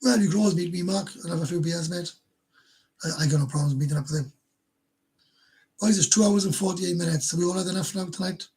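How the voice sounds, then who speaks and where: A man's voice: high-pitched, quick pace, pauses often, a little mellow, slightly rough. A man with a Welsh accent hosting a casual livestream, rambling, swearing freely and stumbling over repeated words as he answers viewers. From Wales. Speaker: livestream host.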